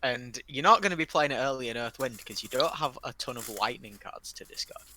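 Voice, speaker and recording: Bright-toned podcast man, lightly teasing. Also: medium pitch, fairly quick, a little hiss or hum, rough recording. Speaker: podcast co-host. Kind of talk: casual chat.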